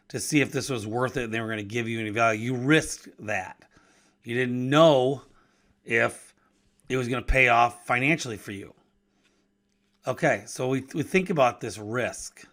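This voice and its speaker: A Wisconsin man in his fifties, a podcast host and business owner, talks casually on his own about business risk in a medium-pitched, sharp voice. He's conversational, repeating and restarting words and laughing between thoughts.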